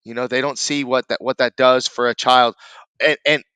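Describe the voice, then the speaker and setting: A man with a bright, smooth, clean voice talks reflectively as a podcast host, building on his guest's points. The sound is dry and close, with no room echo. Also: mid-range voice, level tone, moderate pace. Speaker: podcast host, martial arts instructor. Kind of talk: conversational interview.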